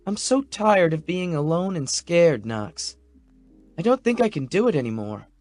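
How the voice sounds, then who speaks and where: A man voicing an anxious, emotional young pregnant woman in an audiobook, her voice soft and wobbly. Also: fairly high pitch, lively intonation, normal speed, dry recording, faint music behind, pitched above the performer's own voice, natural voice. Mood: tearful. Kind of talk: audiobook character voice.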